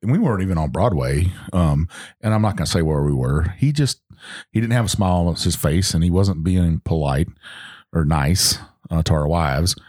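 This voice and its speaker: A man's voice: low voice, animated, moderate pace, a little mellow, no echo, studio quality. A middle-aged man talking in a sociable, earnest way as a guest in a casual podcast chat. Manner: earnest, sociable, plain-spoken.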